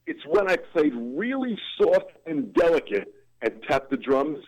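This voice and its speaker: A man's voice: a little high, big pitch swings, measured pace, low-quality recording. A man, a drummer and motivational speaker, telling a story as a guest in an ebullient, dramatic way. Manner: ebullient, dramatic vocal swings. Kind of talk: animated storytelling in an interview.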